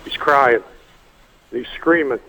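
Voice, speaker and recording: An older man telling a heartfelt family story as a guest, halting with frequent fillers and restarts. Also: mid-range voice, pushed and bright. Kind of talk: emotional personal storytelling. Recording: tinny phone line.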